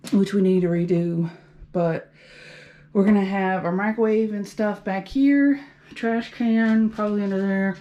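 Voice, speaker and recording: Chatty woman, mellow voice. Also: mid-range voice. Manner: chatty, upbeat, thinking aloud. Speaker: vlogger and game lounge owner. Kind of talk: casual walking tour. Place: empty commercial unit, indoors.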